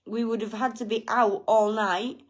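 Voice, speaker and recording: A woman's voice: a little high, steady tone, normal speed. A woman telling a personal story in a casual vlog, frank and self-mocking, with plenty of swearing. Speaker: vlogger.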